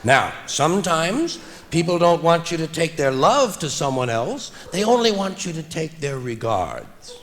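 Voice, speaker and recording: A man doing a stand-up comedy routine on stage, with a wry, deadpan delivery that builds to loud punchlines, recorded live for a vinyl album. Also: fairly high pitch, measured pace, slight background noise. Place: theater stage before an audience. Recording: live vinyl recording with long hall reverb and audible audience.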